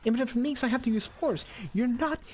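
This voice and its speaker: A woman voicing a hot-tempered athletic teenage girl in a video game, shouting accusations. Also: a little high, fast talker, faint music behind, pitched above the performer's own voice, natural voice. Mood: furious.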